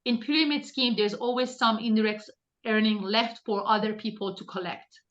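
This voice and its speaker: A woman's voice: a little high, steady tone, normal speed, a bit bright, dull audio. A woman team leader coaching her recruiters on a group video call, talking directly and insistently with many restarts.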